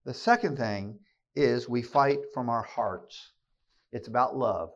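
A man's voice: medium pitch, slow pace. A man giving a sermon-style keynote to a gathering of men, emphatic and folksy, often repeating his phrases. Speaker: speaker at a men's gathering. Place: live talk to an audience. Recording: slightly dull lo-fi recording.

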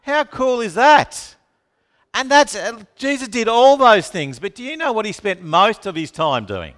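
The voice here is very high-pitched and measured in pace, belonging to a man preaching an animated sermon. He quizzes the congregation and calls on people by name inside a long-reverberating hall.

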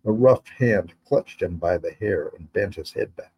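A man, the author, reading his historical fantasy novel aloud in steady, measured narration. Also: deep voice, husky, poor audio.

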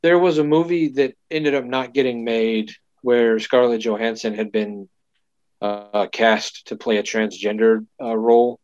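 A man's voice: medium pitch, fairly even intonation, unhurried, darkish tone, no room sound. A man co-hosting a casual chat, rambling with lots of fillers and restarts. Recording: dull lo-fi dry sound.

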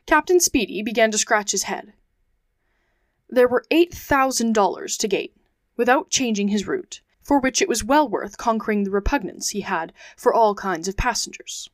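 A woman's voice: fairly high pitch, animated, no echo. Woman narrating a classic novel, dry sound. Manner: measured, phrase-by-phrase reading. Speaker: podcast host reading a classic novel. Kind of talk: audiobook narration.

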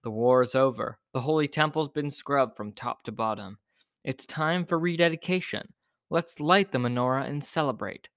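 A man's voice: medium pitch, moderate pace, fairly bright tone, dry recording, studio quality, natural voice. A man voicing a determined grown male leader in a storybook who speaks in a firm, decisive way.

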